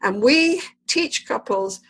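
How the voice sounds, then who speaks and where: A woman's voice: on the high side, lively intonation, slow pace, fairly bright tone, breathy edge, poor audio. A woman therapist in a conversational interview, explaining relationships with emphatic, vivid storytelling. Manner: retells therapy sessions with vivid acted-out dialogue. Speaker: therapist guest.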